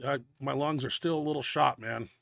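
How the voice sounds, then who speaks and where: Gravelly, winded lifting show host. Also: male voice, mid-range voice, steady tone, a little fast, a bit bright, no room sound, clean studio sound. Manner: blunt, profane gym talk. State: winded and out of breath. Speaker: host of a powerlifting video show. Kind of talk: casual commentary over lifting videos.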